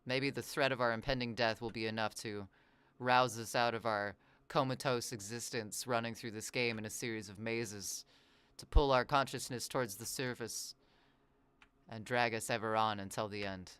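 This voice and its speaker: A variety streamer chatting casually while gaming, rambling playfully, drifting into musing asides and reacting to chat with quick exclamations. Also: medium pitch, fairly even intonation, a bit bright, clear, resonant tone, no echo.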